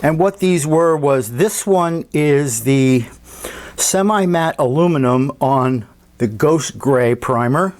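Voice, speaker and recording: Slow-talking man at his workbench. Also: a little high, expressive. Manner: unhurried, thinking aloud with frequent fillers and restarts. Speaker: scale model builder. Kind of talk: casual hobby workshop walkthrough. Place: home workbench.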